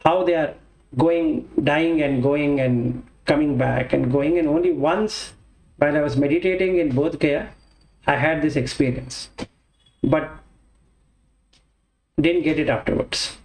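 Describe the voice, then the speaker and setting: A man's voice: a little high, darkish tone. Man teaching Buddhist scripture, echoey room. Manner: explains slowly, with pauses and self-corrections. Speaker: dharma teacher.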